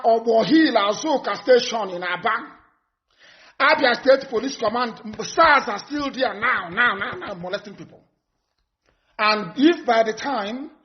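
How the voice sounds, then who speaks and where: A man delivers a live broadcast address, his voice pitched high for a man. He hammers home threats and warnings, repeating phrases for emphasis. The audio is dull and lo-fi. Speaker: movement leader.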